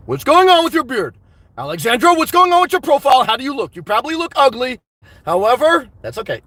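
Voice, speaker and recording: Man, very high voice, dry close sound, rambling live-stream banter, crude jokes. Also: no room sound. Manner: rambling, joking, reads out chat comments; crude and loud, laughs often. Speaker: livestream host. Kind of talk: live-stream chat with viewers.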